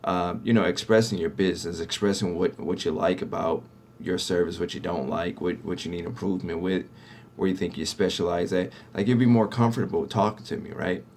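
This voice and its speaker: This low, steady male voice moves briskly and sounds a little mellow over slight background noise. He owns a cleaning business and gives viewers a relaxed lesson on winning contracts for cleaning companies, frequently tossing in "right?".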